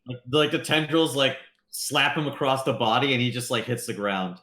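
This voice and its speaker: Bright-voiced man running a tabletop game. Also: mid-range voice, roomy sound. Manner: loose narration full of fillers, slipping into quick character voices. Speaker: game master.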